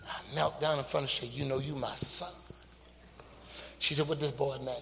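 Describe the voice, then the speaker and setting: A man putting on a hushed elderly church mother. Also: steady tone, normal speed, creaky, long reverb tail, noisy background, lightly acted. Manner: low hushed murmur, whispering at times. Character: elderly church mother, soft-spoken, knowing.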